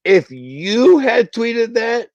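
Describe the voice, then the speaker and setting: A man's voice: very high-pitched, sing-song, extremely slow, dry recording, highs cut off. A man co-hosting a casual podcast who talks bluntly and dismissively, swearing often. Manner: blunt, heavily profane, dismissive. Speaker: podcast co-host.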